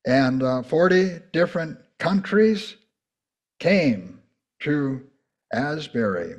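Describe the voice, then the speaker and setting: Slow, deliberate male preacher. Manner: slow and deliberate, rising loud and high on scripture readings. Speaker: pastor. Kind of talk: sermon. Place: church in the Pacific Northwest.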